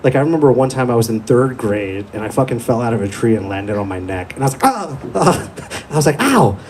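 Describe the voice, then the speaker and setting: A young man working a stand-up set in a small club, swearing freely and telling stories at an easy, laid-back pace. His voice is dark and mellow, held close on a handheld mic. A faint hum of room noise sits behind him. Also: medium pitch, quick pace. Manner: crude, profane, laid-back storytelling. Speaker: stand-up comedian.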